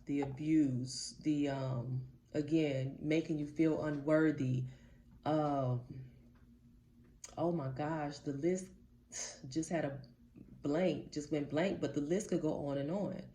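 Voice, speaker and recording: A woman's voice: sits low, steady tone, takes it slowly, mellow, slight background noise. Blunt, emphatic woman life coach. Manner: emphatic, blunt, repeats her points for stress; casual, slangy, addresses viewers directly. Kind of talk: motivational talk to camera.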